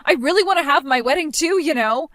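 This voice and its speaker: A woman's voice: sits high, animated, fast talker, fairly bright tone, no room sound, studio quality. A woman voicing a self-centered young bride who whines and pleads in a dramatized story. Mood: demanding. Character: self-absorbed young bride, whiny and entitled.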